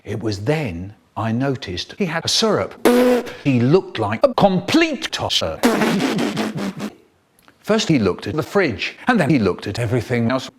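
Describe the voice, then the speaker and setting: A man telling a comic story in an animated, exaggerated way. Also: medium pitch, measured pace, a little hiss or hum.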